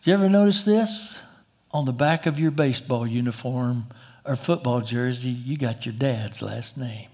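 A middle-aged man preaching a sermon as pastor, rising loud and high then dropping soft and slow for emphasis.

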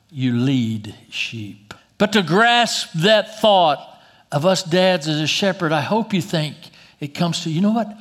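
A middle-aged man preaching a sermon as pastor, rising loud and high then dropping soft and slow for emphasis.

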